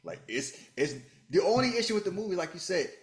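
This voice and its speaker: A podcast host chatting about movies with a bouncy, wide-ranging voice. He jokes freely and swings from loud outbursts to low asides. The sound carries a roomy echo. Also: fast, soft background music. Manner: animated, joking, swings between loud bursts and low muttering. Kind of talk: casual movie chat.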